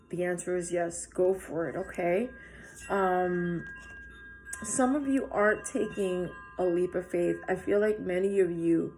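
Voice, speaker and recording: Slow, earnest woman giving a tarot reading. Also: fairly low pitch, gravelly, a little mellow. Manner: slow, halting, with many fillers and restarts; earnest and encouraging, addressing viewers directly. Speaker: tarot reader.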